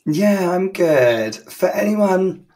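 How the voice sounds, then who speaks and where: A man hosting a casual interview podcast, chatty and jokey, telling animated anecdotes. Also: high voice, very slow. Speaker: podcast host.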